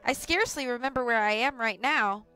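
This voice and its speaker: A woman doing a dazed, quiet young boy. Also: on the high side, clean tone, no echo, soft background music. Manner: quiet, slow, flat and vacant.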